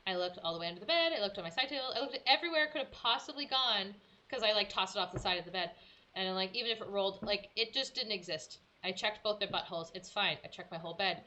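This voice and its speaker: A young woman streamer telling a story in casual chat, animated and acting out her own quotes. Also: medium pitch, fast talker, dull audio.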